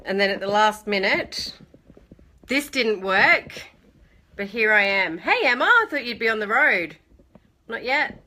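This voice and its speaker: A woman hosts a casual live stream from home, talking into her phone. She is chatty and friendly, greeting viewers by name and laughing often. Her voice is bright and clear, sitting in a middle pitch. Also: very animated, a little slow, pauses often.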